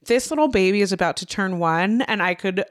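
Heartfelt woman host, smooth clear voice. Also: mid-range voice, fairly quick. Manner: heartfelt, swears freely, near tears. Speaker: podcast host. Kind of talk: casual podcast chat.

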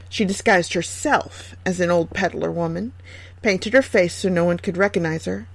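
A woman reading a fairy tale aloud in a gentle, measured way. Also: medium pitch, dry recording. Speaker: storyteller.

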